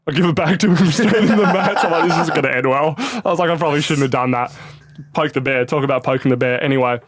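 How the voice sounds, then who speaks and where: A man's voice: fairly high pitch, fast. A man in his twenties with an Australian accent, telling stories in casual podcast chat, swearing freely and acting out what people said. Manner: animated, swears freely, acts out quotes. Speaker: podcast guest.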